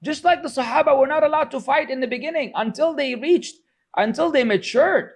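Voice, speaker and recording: A man's voice: very high voice, fairly quick. A middle-aged man teaching a religious class, scolding and sarcastic, chatty and full of fillers as he mocks his critics. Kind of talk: informal religious class lecture.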